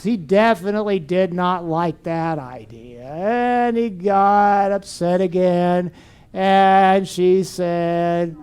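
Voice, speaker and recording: A man gives a storytelling talk on helping children solve problems. His voice is mellow and warm, and his delivery is animated, full of questions thrown to the listeners. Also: sits high, a little slow, clean tone. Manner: animated storyteller who asks the audience questions. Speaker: speaker on teaching and parenting.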